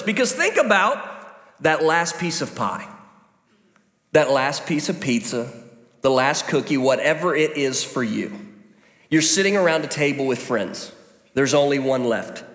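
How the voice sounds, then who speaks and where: A man preaching in a large echoing hall, his voice high and bright. He tells funny stories and jokes with the crowd as he makes his point. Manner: storytelling, joking, lively asides. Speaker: pastor. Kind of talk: sermon. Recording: echoey hall.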